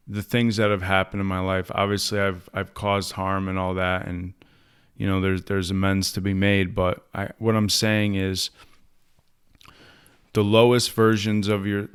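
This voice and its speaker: A man's voice: low-pitched, clear, resonant tone. A young adult man speaking candidly on a podcast, telling stories bluntly and with profanity. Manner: blunt, profane, storytelling with quoted dialogue. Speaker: podcast host. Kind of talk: candid podcast talk on recovery. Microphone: studio podcast mic.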